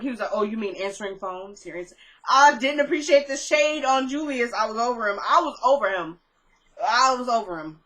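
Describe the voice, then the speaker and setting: Bright-voiced woman chatting through a TV recap. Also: mid-range voice, low-quality recording. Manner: chatty, retells scenes with quoted lines and asides. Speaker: recap vlogger. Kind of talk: casual TV episode recap.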